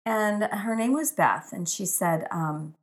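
A woman's voice: medium pitch, expressive, takes it slowly. A middle-aged woman, an author, telling inspirational stories in an earnest, emphatic way, piling up repeated phrases. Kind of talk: inspirational storytelling monologue.

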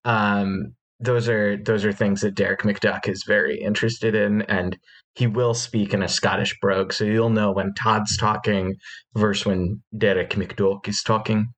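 A man's voice: lowish voice, flat delivery, measured pace. A man describing his tabletop game character, hesitant and full of fillers, often fighting back laughter. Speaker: player.

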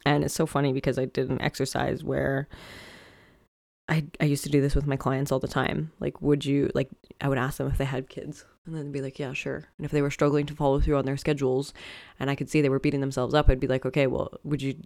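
A man's voice: medium pitch, level tone, quick pace, vocal fry, darkish tone, no echo, studio quality. A man hosting a solo podcast, talking reflectively and candidly in a casual way, swearing often and leaning on fillers. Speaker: podcast host and coach.

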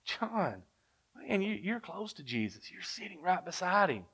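A man voicing the disciple Peter as a hushed, urgent whisperer during a sermon. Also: sits high, big pitch swings, unhurried, slightly rough, full character voice.

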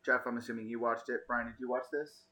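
A man hosts a relaxed conversation with friends in a bright, forceful voice. He sounds animated and quick to laugh as he steers from one topic to the next. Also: mid-range voice, poor audio. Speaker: podcast host. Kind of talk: casual chat.

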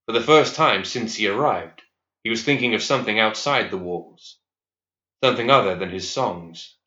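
A man reading a dark story aloud in a measured, even storytelling voice. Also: on the low side. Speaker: narrator. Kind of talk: scripted audiobook narration. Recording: echoey, slightly dull recording.

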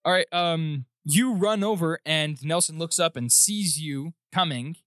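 A man narrating as dungeon master in a relaxed, rambling way with frequent laughs. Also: fairly high pitch, a little slow, dry recording, studio quality. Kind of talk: narrating a tabletop game.

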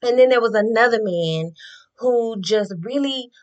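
A young woman, a nurse, telling a story to her viewers in a chatty, animated way. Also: a little high, a little slow, dull audio. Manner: animated, chatty, addresses listeners as y'all.

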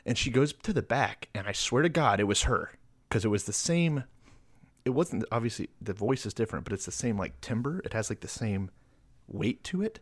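A man's voice: medium pitch, expressive, moderate pace, husky, dry recording. A man co-hosting a casual chat, telling a rambling story with many restarts. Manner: rambling, restarts, self-correcting.

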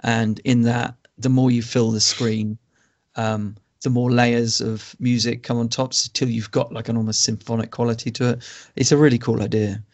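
A man co-hosting a podcast, talking casually about games in a measured, calm way. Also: mid-range voice, muffled recording. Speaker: podcast co-host.

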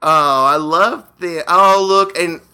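A man co-hosting a comedy podcast, trading jokes in playful, drawn-out casual banter. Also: a little high, pushed and bright, clear, resonant tone. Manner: playful, jokey, slow and drawn out. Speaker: podcast co-host. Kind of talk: casual joke-telling banter.

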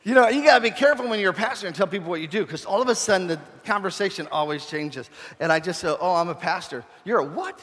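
High-voiced pastor in an echoing hall. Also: male voice, animated, rapid-fire, hardly any pauses, a bit bright, a little hiss or hum. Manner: humorous, conversational, self-deprecating. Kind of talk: storytelling sermon. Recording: long reverb of a large hall.

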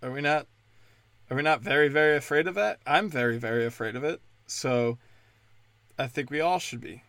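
A foul-mouthed man rambles through a casual podcast monologue, sarcastic and offhand, at a middling pitch. His voice is recorded close and dry, with no room sound around it. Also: normal speed, fairly bright tone, no echo. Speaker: podcast host.

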